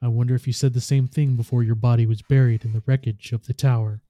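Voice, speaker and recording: A man's voice: medium pitch, level tone, quick pace, dark tone, dry recording, lightly acted. Elsie, a man reading as a furious female robot. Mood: accusing. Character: frightened, furious female robot from a dark future.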